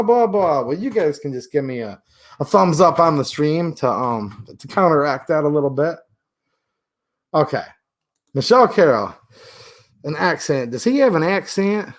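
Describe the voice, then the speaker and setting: A man with a slightly raised voice hosts a casual livestream. He chats and jokes with his viewers in loose, rambling asides. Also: a little high. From Michigan. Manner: chatty, joking, rambling asides. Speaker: livestream host. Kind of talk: casual livestream chat reading viewer comments.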